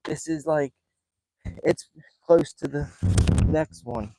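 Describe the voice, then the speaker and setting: Excited man on a fishing boat. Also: fairly high pitch, takes it slowly, slight background noise, rough recording. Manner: excited, rambling, breathing heavily. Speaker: fishing vlogger. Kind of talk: live outdoor fishing vlog. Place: on a small boat outdoors at night.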